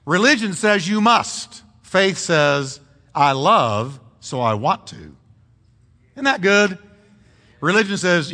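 A middle-aged male pastor preaching a sermon in a church, animated and asking the congregation questions. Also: on the high side, big-room sound. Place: church sanctuary.

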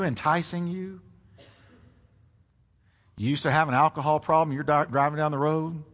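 Male pastor preaching, lively pitch, bright tone, church hall reverb. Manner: animated preaching with congregation call-and-response. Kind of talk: sermon.

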